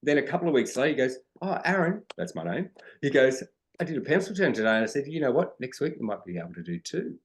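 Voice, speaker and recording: A man's voice: medium pitch, sing-song, fast talker. A middle-aged Australian man, a drag performer and dance teacher, telling earnest stories as a podcast guest. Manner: earnest storytelling, acting out quoted dialogue. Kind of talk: conversational podcast interview.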